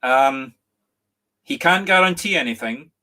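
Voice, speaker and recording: A middle-aged Scottish man, a medium giving a live reading online, speaking gently and apologetically with many restarts and a catch of emotion. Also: mid-range voice, expressive, measured pace. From Scotland. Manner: emotional, near tears at times. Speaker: psychic medium.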